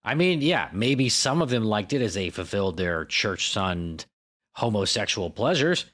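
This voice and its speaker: A man's voice: lowish voice, very animated, normal speed, a bit bright. A man hosting a podcast alone, riffing in an irreverent, profane, self-mocking comic monologue. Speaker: podcast host.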